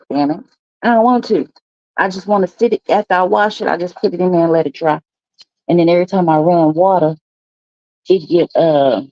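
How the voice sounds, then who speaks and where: Rambling easily and dropping folksy asides, a woman runs a casual morning live stream. Her voice sits on the low side with a darkish tone, heard through dry, slightly dull stream audio.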